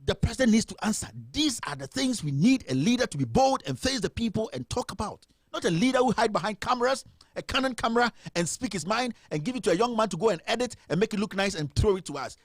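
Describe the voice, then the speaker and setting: Impassioned Ghanaian man, high voice. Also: expressive, fast talker, dry recording, clean studio sound. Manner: impassioned, indignant, repetitive ranting. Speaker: commentary host. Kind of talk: passionate political commentary.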